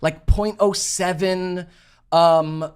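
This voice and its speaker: A podcast co-host in casual chat, reacting quickly and telling a story with swearing. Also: medium pitch, steady tone, clear, resonant tone.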